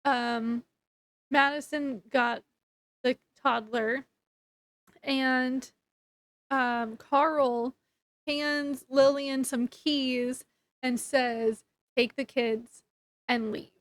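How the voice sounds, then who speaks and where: A woman's voice: sits high, steady tone, drawn-out words, pauses often, dry recording. A woman casually retelling a novel's plot in a rambling, chatty way, full of fillers and restarts. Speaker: book reviewer. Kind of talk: casual book review recap.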